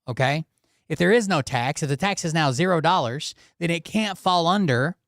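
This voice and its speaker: A man hosts a casual commentary show in a clear, smooth voice pitched a little high. He talks bluntly, with sarcasm and swearing. The recording is dry and close to the mic. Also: a bit bright, no room sound. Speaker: commentary channel host.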